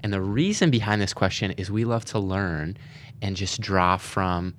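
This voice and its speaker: A man's voice: deep voice, normal speed, fairly bright tone, a little hiss or hum. A man hosting a podcast interview, asking questions and encouraging his guest. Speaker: podcast host.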